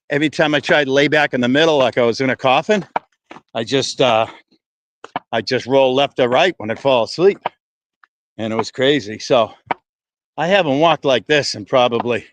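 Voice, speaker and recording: Out on a windy, breezy walk, this man chats loosely with his stream viewers, swearing freely and breathing a bit hard from the walk. He has a mid-range voice, with slight background noise.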